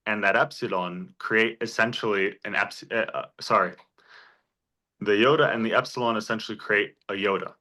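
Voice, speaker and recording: Bright-voiced encouraging man teaching Greek. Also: fairly low pitch. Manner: encouraging, explains step by step with examples. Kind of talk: informal class lecture. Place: church classroom.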